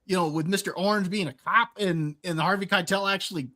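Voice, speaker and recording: A man co-hosting a podcast in casual chat, animated and laughing often as he retells movie scenes. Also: high-pitched, brisk. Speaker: podcast co-host.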